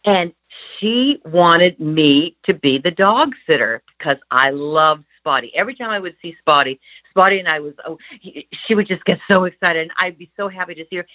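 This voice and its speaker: Woman telling a story, bright dull recording. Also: fairly low pitch, moderate pace. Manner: warm, lively storyteller. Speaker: co-author and guest. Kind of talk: storytelling in a chat.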